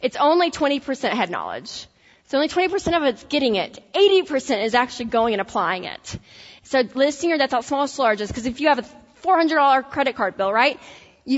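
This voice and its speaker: Woman speaker with a Tennessee accent, high voice, lively and animated, talking to students in an echoey hall. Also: fast talker. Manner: energetic, animated, laughing asides. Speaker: speaker addressing college students. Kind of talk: motivational faith-based talk. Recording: echoey hall, dull lo-fi sound.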